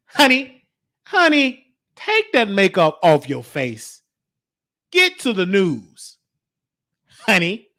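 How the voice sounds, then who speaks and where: A man's voice: high voice, wildly swooping pitch, slow, long pauses, pushed and bright. A man hosting a casual reaction commentary, teasing and preachy, stretching out words like "honey". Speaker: show host.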